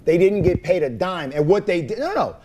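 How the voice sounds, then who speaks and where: A man's voice: high-pitched, expressive, a little fast, a crowd in the background. A man hosting a podcast in casual banter, arguing his point insistently and repeating himself. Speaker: podcast host.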